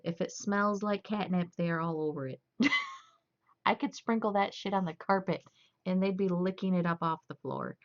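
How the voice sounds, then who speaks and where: A young woman with a lowish voice chats on a live stream and rambles through stories with easy laughs. The audio is dull and lo-fi. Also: moderate pace. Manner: chatty, laughing, loose storytelling. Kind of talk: casual chat.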